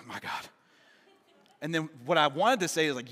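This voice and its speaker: A bright, high-voiced man from Kentucky preaching a relaxed, conversational sermon with jokes. His voice rings with a long reverb off a large church auditorium. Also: measured pace, long pauses. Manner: conversational and joking, lots of "right?" and "man". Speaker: pastor. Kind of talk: casual sermon.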